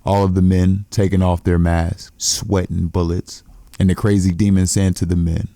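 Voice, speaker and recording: Recap narrator, male, dark and flat, dry close sound. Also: low voice, normal speed, no room sound. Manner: plain, casual retelling with slang.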